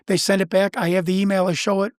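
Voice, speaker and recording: A man from Chicago, an investigator and podcast guest, telling a story fast with many repeated words and restarts. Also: high voice, level tone, dry recording, clean studio sound. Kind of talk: animated storytelling in an interview.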